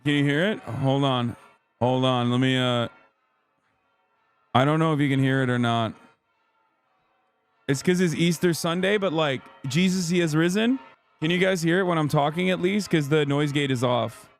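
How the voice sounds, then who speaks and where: A man's voice: a little high, moderate pace, long pauses, faint music behind. Profane ranting streamer man. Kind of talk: casual reaction commentary.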